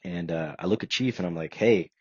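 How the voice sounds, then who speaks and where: A man in his thirties tells a personal story as a podcast guest, earnest and reflective and full of fillers. His voice sits very low with a husky edge. The recording is dry and a little dull. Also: fast talker, darkish tone, no room sound.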